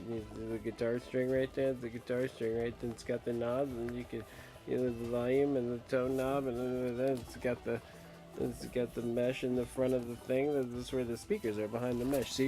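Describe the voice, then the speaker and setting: A man's voice: mid-range voice, level tone, brisk, dark tone, soft background music. A man hosting his own record collection vlog, rambling in casual, crude, joking chat that trails off into mumbles.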